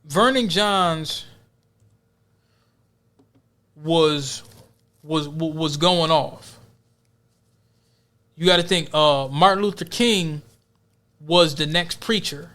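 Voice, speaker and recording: A man's voice: on the high side, slow pace, pauses often, a bit bright. A male podcast host giving casual, emphatic commentary, often restarting his sentences.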